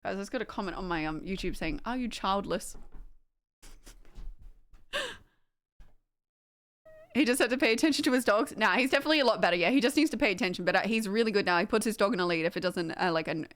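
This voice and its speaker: A woman's voice: mid-range voice, fast, pauses often, a bit bright. A young woman, livestreaming and chatting casually with her viewers, rambling with lots of fillers and laughter. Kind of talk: casual chat with stream chat.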